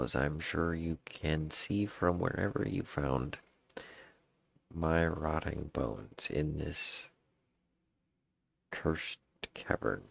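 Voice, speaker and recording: Gruff old sea-captain, put on by a man, Southern drawl, raspy-husky, game journal reading. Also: deep voice, dry recording, full character voice. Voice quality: gravelly, drawn-out pirate speech. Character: boastful old male pirate captain, gruff.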